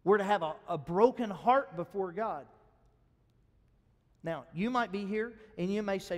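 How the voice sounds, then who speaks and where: A male pastor preaching a sermon, moving between quiet storytelling and loud, urgent exhortation and asking the congregation questions. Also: high voice, measured pace, pauses often. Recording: long hall reverb.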